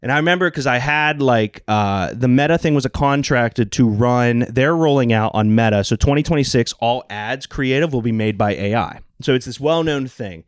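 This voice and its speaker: A young man talking on a podcast, telling stories with lots of energy and jumping into the voices of the people he quotes. He swears casually, and his voice is medium in pitch. It is recorded close up with a dry sound. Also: moderate pace, few pauses, clear, resonant tone, no room sound. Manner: animated storyteller, acts out quotes, swears casually. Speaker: social media producer and podcast regular.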